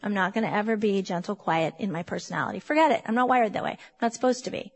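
A woman's voice: mid-range voice, expressive, fast, gravelly. A woman in her fifties teaching a Bible passage to a congregation, emphatic and conversational, often asking her listeners questions. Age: 50s. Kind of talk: sermon teaching.

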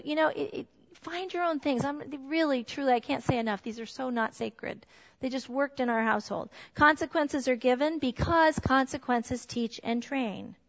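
A woman's voice: on the high side, gravelly. A middle-aged woman giving a candid, conversational talk to a group of parents. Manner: conversational, candid, with a personal story. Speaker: speaker on parenting. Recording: dull sound in a large reverberant hall.

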